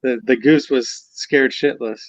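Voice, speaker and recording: A man's voice: mid-range voice, steady tone, measured pace, no room sound. Man with short remarks, dull lo-fi sound. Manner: brief, agreeable interjections. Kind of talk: casual chat.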